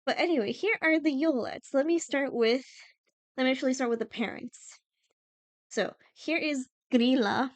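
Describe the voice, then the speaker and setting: A woman's voice: sits high, normal speed, no room sound. A young woman from Iceland chatting casually on a livestream, giggling often and using lots of fillers.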